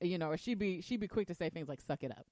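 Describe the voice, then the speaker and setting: A woman co-hosting a podcast in casual chat, telling stories in an animated, chatty way. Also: on the low side, fast, no room sound, clean studio sound. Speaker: podcast co-host.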